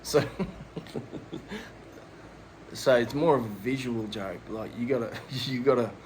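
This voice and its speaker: A man's voice: medium pitch, slow pace, darkish tone, a little hiss or hum. A middle-aged Australian man co-hosting a podcast, telling a long comic story with crude slang and laughter. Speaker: podcast co-host. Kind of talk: casual comedic storytelling.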